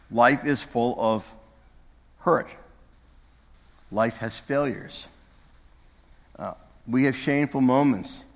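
A man's voice: mid-range voice, creaky, big-room sound. A man giving a conversational sermon from the pulpit of a church, sometimes correcting himself and speaking directly to the congregation. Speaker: pastor. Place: church sanctuary.

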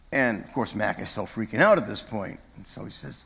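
A man's voice: on the low side, expressive, a little fast, gravelly, hardly any pauses, a bit bright, slightly rough, big-room sound. A man giving a conversational sermon from the pulpit of a church, sometimes correcting himself and speaking directly to the congregation. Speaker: pastor. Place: church sanctuary.

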